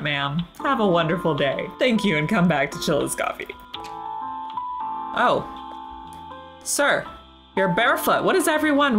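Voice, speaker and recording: A woman in the middle of a let's play, thinking out loud and reacting nervously to what happens on screen. She talks straight to the characters in a mid-range voice. Game music plays clearly behind her. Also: medium pitch. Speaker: gaming channel host.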